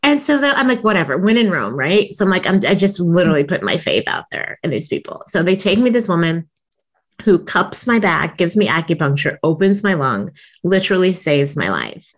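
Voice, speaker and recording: A woman guest on an interview show, a comedian and author, with a fairly low voice. She tells stories in a lively, animated way and leaps up in pitch whenever she acts out what someone said. She laughs often as she talks. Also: fairly quick. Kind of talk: storytelling interview.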